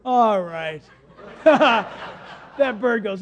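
Animated preacher with lively pitch. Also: moderate pace. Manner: animated storytelling, swings from loud to hushed. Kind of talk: sermon.

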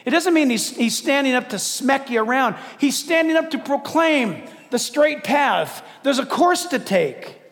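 A man preaching a sermon as pastor, impassioned, swinging from loud declaiming to hushed asides. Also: very high voice, expressive, measured pace, hardly any pauses. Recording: long reverb of a large hall.

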